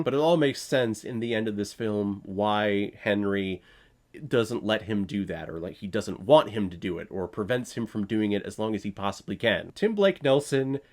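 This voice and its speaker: A man giving a casual, opinionated movie review, blunt, with sarcastic asides and the odd swear word. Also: fairly low pitch.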